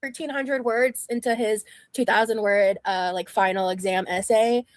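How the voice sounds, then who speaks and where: A woman's voice: a little high, steady tone, normal speed, dry recording. A woman streamer chatting casually and loosely, laughing now and then. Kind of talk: casual chat.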